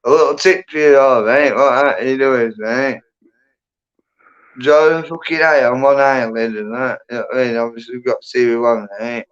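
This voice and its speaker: A man's voice: mid-range voice, fairly even intonation, moderate pace, smooth. An English man telling stories in rambling casual chat, swearing a lot and tacking "and that" onto his sentences. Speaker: livestream guest. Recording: dull lo-fi stream audio.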